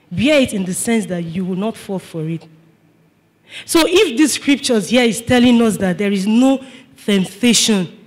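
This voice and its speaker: A male pastor preaching a sermon emphatically, repeating his points and calling on the congregation to respond. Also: high-pitched. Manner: emphatic, repetitive, calls for response.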